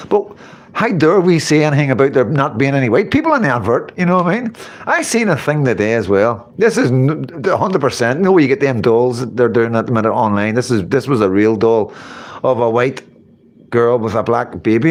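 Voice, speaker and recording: A man's voice: mid-range voice, lively intonation, a little fast. Rambling man, live chat. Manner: rambling, repeats phrases, swears casually. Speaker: livestream host reading chat.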